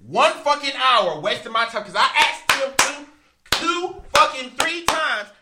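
A man ranting in casual chat, animated and profane, mocking others as he tells a story. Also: very high voice, measured pace, very noisy.

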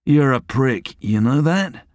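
A man's voice: mid-range voice, sing-song, unhurried, no room sound, voice pushed up. A man voicing a brash young male detective from Essex, cheeky and complaining.

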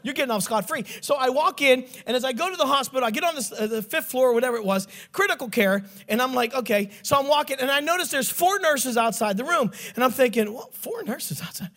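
A middle-aged man preaching a joking, animated sermon story and acting out the voices in it. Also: extremely high pitch, quick pace, few pauses.

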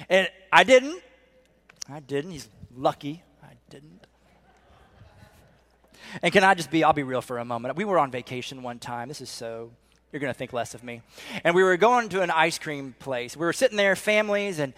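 A middle-aged man preaching a sermon as a pastor, telling stories with animation and dropping to a soft hush to drive points home. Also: a little high. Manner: animated storytelling, drops to a soft hush for emphasis.

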